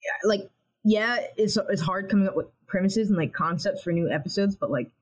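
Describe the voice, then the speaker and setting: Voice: mid-range voice, fairly quick, poor audio. A TV animation writer talking casually in a podcast interview, rambling and acting out their own thoughts as quotes.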